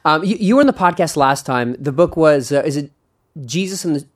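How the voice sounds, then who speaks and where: A man's voice: fairly high pitch, expressive, a little fast. A young man hosting a podcast in casual chat, eager and rambling, often restarting his sentences and laughing along. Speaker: podcast host.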